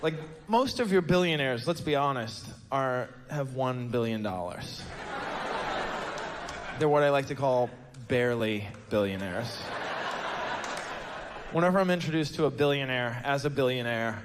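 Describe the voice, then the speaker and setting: On a club stage, a man in his fifties performs stand-up, spinning wordy, mock-pompous stories that build to emphatic punchlines. He has a medium-pitched voice and a measured pace, and the live recording is noisy.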